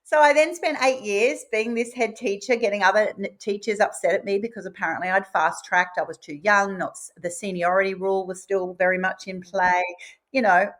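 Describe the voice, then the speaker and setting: A woman, telling her own career story in an animated interview and acting out quoted dialogue. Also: brisk. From Australia. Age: 50s. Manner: lively, acts out quoted dialogue with big pitch swings. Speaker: podcast host sharing her story.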